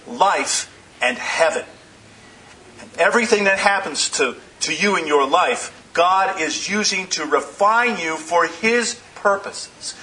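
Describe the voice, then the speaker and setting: A man preaching a sermon as pastor, in measured phrases that slow down for emphasis. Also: high-pitched, pushed and bright, low-quality recording.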